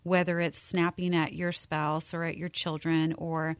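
A woman co-hosting a casual faith-based podcast, speaking in a reflective, thoughtful way with frequent pauses and fillers. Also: low voice, little pitch movement, clean tone, dry recording. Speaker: co-host.

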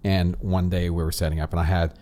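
A male host with a very deep voice chats through a casual interview in a relaxed, halting way, with plenty of fillers. A faint hiss runs under the recording. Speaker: podcast host.

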